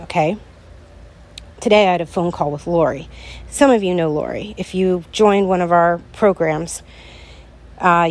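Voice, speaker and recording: Earnest woman hosting a heartfelt podcast. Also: fairly low pitch. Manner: earnest, emotional and confiding, with rising exclamations. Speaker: podcast host. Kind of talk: heartfelt solo podcast monologue.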